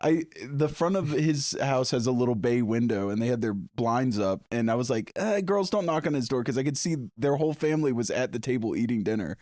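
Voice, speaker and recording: A man in his thirties chatting on a podcast, telling animated stories with lots of acted-out quotes. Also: mid-range voice, fairly quick, hardly any pauses, no room sound, clean studio sound. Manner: animated storytelling with frequent laughs and acted-out quotes. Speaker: podcast co-host. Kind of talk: casual chat.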